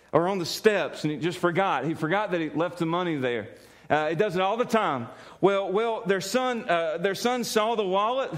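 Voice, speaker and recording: A man preaching a sermon, telling a story in an animated way, often laughing and repeating words as he goes. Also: sits high. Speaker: pastor.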